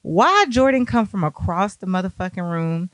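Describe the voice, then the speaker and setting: A young woman telling a party story, animated and profane, acting out what people said. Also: mid-range voice, normal speed, no room sound. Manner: animated, profane, acts out quotes. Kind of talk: casual storytime.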